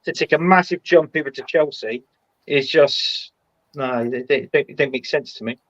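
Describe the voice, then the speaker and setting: A man panelist in a football chat, fairly high-voiced and full of jokey, mock-serious banter. His audio is dull and lo-fi, and the sound is dry with no room echo. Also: normal speed, a bit bright. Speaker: podcast panelist.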